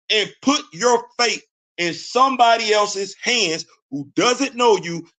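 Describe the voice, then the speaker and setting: A man's voice: high-pitched, fairly bright tone. A middle-aged American man hosting a show, delivering a heated, blunt political rant. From United States. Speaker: host.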